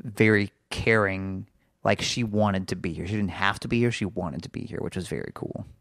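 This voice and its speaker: A man co-hosts a casual podcast in a rambling, repetitive storytelling manner. His voice sits a touch low with a gravelly texture, and he talks fast. The sound is close and dry. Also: fairly bright tone, dry recording. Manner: rambling storyteller, repeats words. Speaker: podcast co-host.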